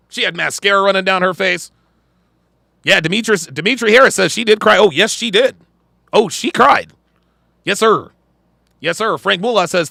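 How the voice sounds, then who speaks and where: A man's voice: sits high, animated, normal speed, creaky, bright, forceful tone, no room sound, clean studio sound. A man hosting a podcast livestream, ranting bluntly and crudely while reacting to clips and chat. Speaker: podcast host. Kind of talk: livestream commentary.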